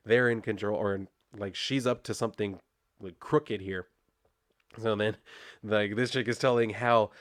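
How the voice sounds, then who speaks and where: A man's voice: lowish voice, fast talker. Chatty young man reviewing a comic. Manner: chatty, rambling, lots of "like" and restarts. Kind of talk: casual comic review, reading dialogue aloud.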